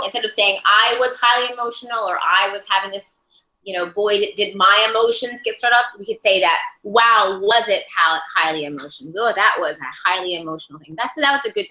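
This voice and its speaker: A woman's voice: mid-range voice, fairly quick, sharp tone. A woman teaching a class on interpreting, talking things through thoughtfully with frequent restarts. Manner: thoughtful, searching for words, many restarts. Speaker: ASL interpreting instructor. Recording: echoey room.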